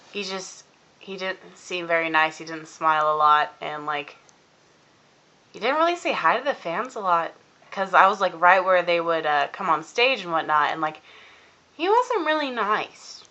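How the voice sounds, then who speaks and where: Indoors at home in a cold room, a teenage vlogger rambles through a long, casual account of her day, doing animated voices for what people said. Her voice sits on the low side, and the recording is muffled.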